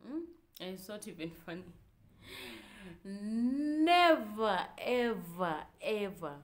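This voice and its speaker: A woman's voice: on the low side, darkish tone. A young Kenyan woman telling a personal story to her viewers, candid and emotional, with frequent fillers. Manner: candid, code-switching, emotional. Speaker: vlogger. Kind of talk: casual storytelling to camera.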